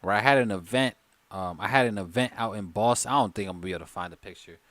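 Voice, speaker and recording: A man's voice: fairly low pitch, fast talker, fairly bright tone, no echo. A man chatting loosely and joking with his viewers on a livestream, a little tipsy from wine. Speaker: livestream host. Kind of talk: casual live-stream chat.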